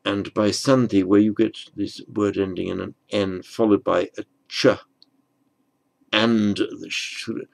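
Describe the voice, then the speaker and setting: A man teaching a slow, patient grammar lesson, spelling out words and rules. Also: lowish voice, steady tone, vocal fry, poor audio. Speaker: Sanskrit teacher.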